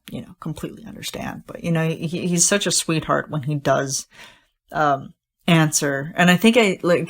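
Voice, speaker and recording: A young woman with a low-pitched voice hosts a casual solo podcast. She gushes and rambles, and her talk is full of fillers, likes and false starts. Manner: gushing, rambling, many fillers and restarts. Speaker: podcast host.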